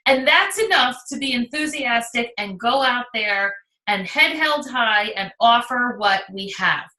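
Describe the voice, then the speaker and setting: A woman's voice: on the high side, bright, forceful tone. A woman in her forties who leads a direct sales team, giving an enthusiastic live training talk. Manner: enthusiastic, coaching. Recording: roomy echo, distant from mic.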